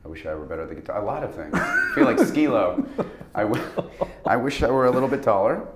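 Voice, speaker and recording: A man who is an actor and a guest on a show, chatting casually and telling animated stories, stammering and laughing often. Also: medium pitch, fast. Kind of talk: casual interview chat. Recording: roomy echo, faint noise.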